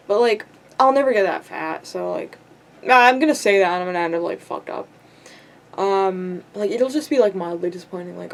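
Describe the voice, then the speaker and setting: A woman's voice: mid-range voice, expressive, brisk, darkish tone. A teenage girl in a rambling vlog rant, frustrated and self-deprecating, swearing often and filling her talk with "like". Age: teens. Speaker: vlogger. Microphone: camera.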